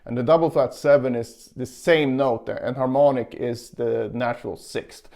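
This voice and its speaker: A young man gives a relaxed guitar lesson in a gravelly, slightly fried voice. He explains patiently and counts out beats, with guitar playing heard behind him. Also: mid-range voice, normal speed. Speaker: guitar teacher. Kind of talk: casual music lesson.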